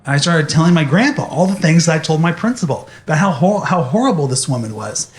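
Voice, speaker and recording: A man's voice: on the high side, expressive, fast talker. A young man speaking animatedly to an audience, telling a personal story in a motivational talk.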